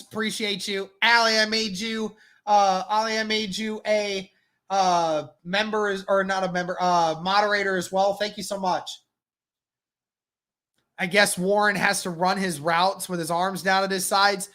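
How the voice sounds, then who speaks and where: A woman hosting a live football watch-along stream, calling plays and reacting with animated, exasperated outbursts while thanking chat members. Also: mid-range voice, measured pace.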